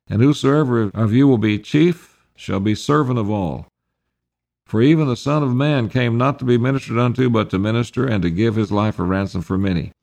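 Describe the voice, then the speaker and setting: A man with a gravelly, creaky voice at a middle pitch leads a Bible study. He reads a passage of scripture aloud, then goes back over it in his own plain, everyday words. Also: a little mellow. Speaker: pastor.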